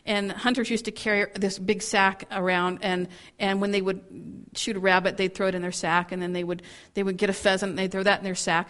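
Animated woman giving a Bible teaching. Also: mid-range voice. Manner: animated, acts out angry quotes, laughs often; repeats words when starting sentences. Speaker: women's ministry speaker.

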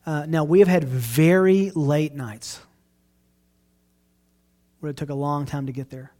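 A middle-aged man speaks as a pastor in an informal question-and-answer talk. His voice sits a little high for a man, and he talks earnestly, often circling back to restart a phrase. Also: measured pace, mellow. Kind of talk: casual Q&A talk.

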